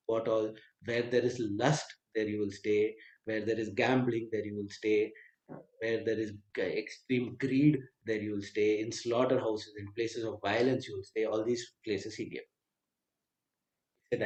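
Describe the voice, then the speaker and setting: A man's voice: fairly low pitch, steady tone, moderate pace, darkish tone, roomy sound. A man giving a lecture that retells a scripture story, acting out quoted lines with asides and some hesitant fillers. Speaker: spiritual teacher.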